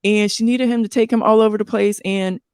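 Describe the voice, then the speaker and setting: A woman's voice with a gravelly texture, recorded dry and close, from a casual podcast chat. She explains events step by step and quotes back what others said. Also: mid-range voice, fairly even intonation, brisk, darkish tone, no echo. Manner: explanatory, retells conversations. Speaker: podcast guest.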